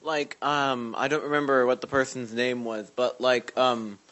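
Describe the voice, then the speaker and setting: A man speaking up during a group discussion at church. He is hesitant and fills his pauses with um and like. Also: medium pitch, flat delivery, fairly bright tone. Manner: hesitant, with many fillers. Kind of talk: casual remark in a group discussion.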